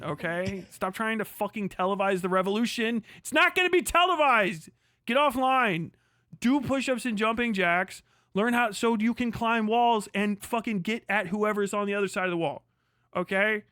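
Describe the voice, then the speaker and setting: Profane ranting streamer with a high voice. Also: male voice, no room sound, studio quality. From Kentucky. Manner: crude, mocking, loud ranting with frequent laughter. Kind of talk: profane political rant on a livestream.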